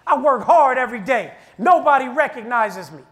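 A man's voice: extremely high pitch, lively intonation, fairly bright tone. A man preaching, voicing the resentful older brother in an indignant complaining rant. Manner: indignant rapid-fire complaining.

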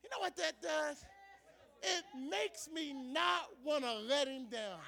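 A preacher man with a very high, bright voice, shouting his sermon in slow, drawn-out waves. His tone is gravelly and sharp, and he keeps repeating lines back at the congregation. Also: animated. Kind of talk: shouted call-and-response sermon.

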